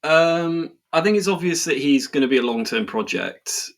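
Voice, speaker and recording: A man co-hosting a football podcast, chatting in a relaxed way and often repeating words as he thinks. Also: on the high side, normal speed. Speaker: podcast co-host. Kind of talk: casual football chat.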